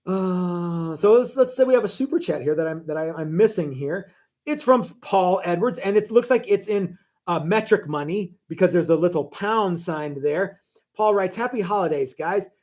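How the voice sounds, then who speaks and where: A man hosts a laid-back live stream from his guitar workshop. His voice sits a little high for a man, and he rambles through viewer questions, restarting sentences, piling on fillers and tossing in jokes. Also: animated, moderate pace, darkish tone. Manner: rambling, chatty, lots of fillers and restarts, joking. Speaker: guitar shop owner hosting a live stream.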